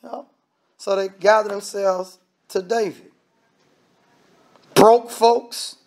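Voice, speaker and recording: Gravelly guy preaching a sermon, emphatic and chatty, keeps repeating stuff. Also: high-pitched, steady tone, slow pace. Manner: emphatic, conversational preaching with repeated phrases and asides.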